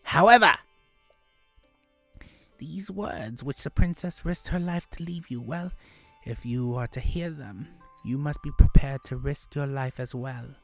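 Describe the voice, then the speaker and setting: Casting: man doing a formal old woman elder, slow and stilted, higher than his own voice. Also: creaky, faint music behind. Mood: solemn.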